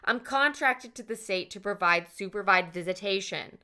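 A woman's voice: medium pitch, normal speed, bright, forceful tone, close to an everyday voice. A woman voicing a distraught female social worker on an emergency call, stammering and urgent.

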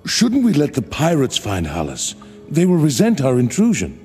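A man's voice: a little high, wildly swooping pitch, normal speed, a little mellow. An actor playing a cautious male crew member who questions an order, in a clip with long reverb and music behind. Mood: doubtful. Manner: doubtful, questioning.

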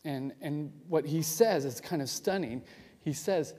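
A pastor giving a sermon in a casual, explanatory way, often adding quick asides to the listeners. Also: male voice, fairly high pitch, warm tone. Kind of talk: conversational sermon. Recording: long reverb of a large hall.

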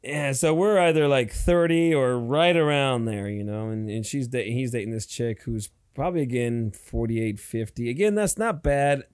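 A man's voice: mid-range voice, normal speed, hardly any pauses, a little mellow, smooth, no echo. Guy in his 40s telling a crude story, rambly, swears a lot, dry sound. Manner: profane, rambling storyteller, acts out quotes. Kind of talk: casual storytelling chat.

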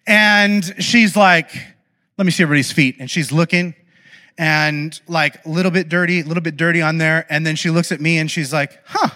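A man with a high, sharp, bright voice delivers a lively, self-deprecating story sermon. He keeps breaking off to joke with the congregation. The sound carries a long reverb from a big church hall. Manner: animated, self-deprecating, fast asides to the audience. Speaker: pastor.

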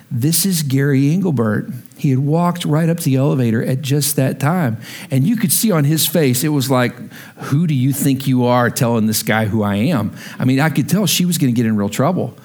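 A man preaching a sermon as pastor, telling a story and acting out the dialogue, rising to shouts when heated. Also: medium pitch.

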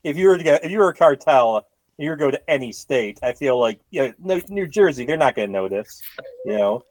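A man's voice: medium pitch, expressive, fairly quick, dry recording. A man co-hosting a podcast, chatting casually and cracking teasing jokes. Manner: joking, teasing. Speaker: podcast co-host. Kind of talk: casual chat.

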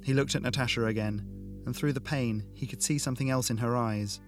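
A man reading an action science fiction audiobook in a steady, dramatic narration style. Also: medium pitch, a little fast. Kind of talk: scripted narration. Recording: music bed under narration.

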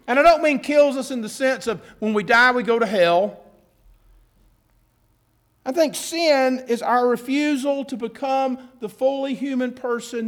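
A male pastor preaching a sermon, earnest, stretching key words for emphasis, repeating phrases, and dropping in casual asides. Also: extremely high pitch. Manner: informal asides with a self-correcting laugh.

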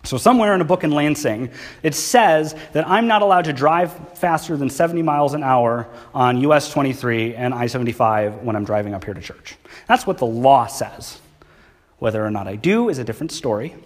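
A man's voice: medium pitch, expressive, fairly quick. A man, preaching a sermon in a church and talking conversationally with the congregation. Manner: conversational, asks the congregation questions. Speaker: pastor. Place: church hall.

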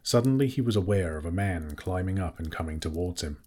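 Male narrator, very low voice, husky, measured audiobook reading. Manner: measured, steady storytelling.

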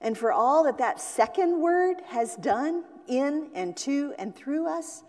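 A woman pastor preaching a sermon, slow and deliberate, sometimes acting out the voices she quotes. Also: high-pitched, animated, a little mellow, long reverb tail. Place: church sanctuary.

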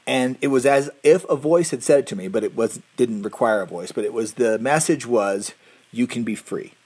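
Husky-voiced man telling a personal story. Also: medium pitch, expressive, a little fast, a little mellow. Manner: rambling, self-correcting, with laughs and restarts.

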